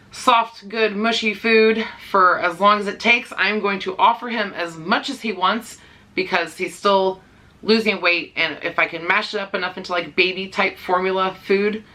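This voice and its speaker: Bright-voiced woman vlogging candidly. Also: fairly low pitch. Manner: candid and rambling, with worried pauses and nervous laughs. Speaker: dog-care vlogger. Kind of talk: casual vlog talk to camera.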